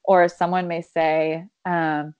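A woman's voice: fairly low pitch, little pitch movement, takes it slowly, darkish tone, clean tone, no room sound, highs cut off. A woman in her thirties in casual chat as a co-host, reflective, explaining with examples and swearing casually.

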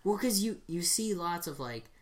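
A man's voice: sits high, moderate pace. A man co-hosting a casual movie podcast, rambling through scenes with lots of fillers and restarts. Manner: rambling, animated retelling with fillers. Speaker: podcast co-host.

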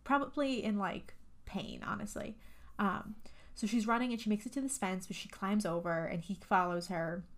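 A woman's voice: mid-range voice, normal speed. A woman co-hosting a podcast, casually recapping a horror movie, rambling and profane with many fillers. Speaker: podcast co-host.

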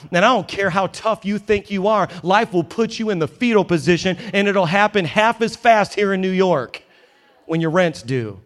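Male pastor, emphatic sermon delivery, wry asides, a touch higher than typical. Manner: emphatic, conversational, joking asides. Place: church in New York.

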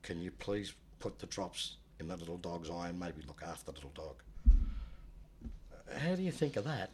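A man telling a personal story in a rambling, halting way, often dropping low and quiet. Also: lively intonation, slight background noise. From Australia. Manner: rambling, many restarts, low and subdued when recalling loss. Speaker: guest telling his life story. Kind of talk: casual spoken storytelling.

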